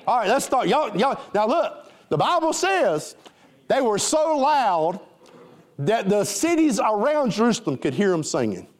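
A male pastor preaching an animated sermon in a church and leading the congregation in call-and-response singing. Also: high-pitched, normal speed, few pauses. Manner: animated, leads the crowd in call-and-response song. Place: church sanctuary.

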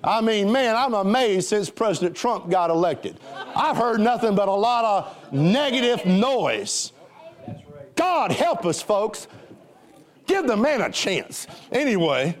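Pastor guy preaching in church, high voice that swoops all over, gets the crowd singing back. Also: slow. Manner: animated, leads the crowd in call-and-response song. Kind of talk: sermon with congregational singing. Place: church sanctuary.

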